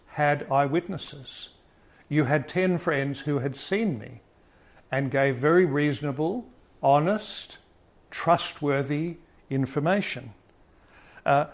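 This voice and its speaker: A man preaching a sermon in an earnest, measured way, speaking directly to his listeners. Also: fairly high pitch.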